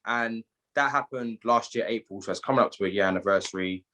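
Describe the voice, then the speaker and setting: A British man with a London accent tells a personal story as a podcast guest, animated and full of street slang. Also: lowish voice, fast. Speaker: guest, gym owner.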